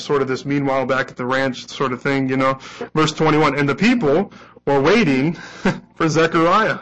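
A man's voice: medium pitch, fairly bright tone, rough recording. A man preaching a sermon in a conversational way, acting out the quoted lines and chuckling now and then. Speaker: pastor.

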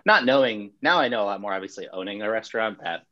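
A man's voice: on the low side, expressive, fast, pushed and bright, no room sound, lo-fi sound. A man and pizzeria owner telling his story in a casual chat, laid-back, swearing freely and acting out quotes.

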